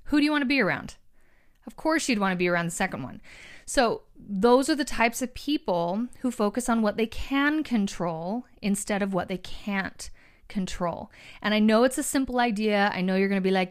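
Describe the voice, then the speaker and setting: A woman's voice: medium pitch, lively intonation, fairly quick. Upbeat woman giving a chatty pep talk. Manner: earnest and upbeat, chatty asides to the audience. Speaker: motivational speaker. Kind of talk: casual motivational talk to viewers.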